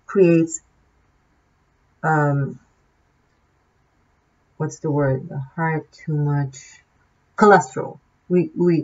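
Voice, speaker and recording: Heated, preachy woman with dull sound. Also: on the low side. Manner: heated, preachy, swears freely, frequent restarts. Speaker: tarot reader. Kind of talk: impassioned monologue to camera.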